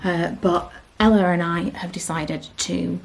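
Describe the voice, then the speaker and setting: A woman in her thirties talking casually to her camera, her voice sitting a little low for a woman. She is open and chatty, and now and then her words fall away into a breathy whisper. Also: steady tone, unhurried, a little hiss or hum. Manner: candid, chatty, drifting into whispers. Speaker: vlogger.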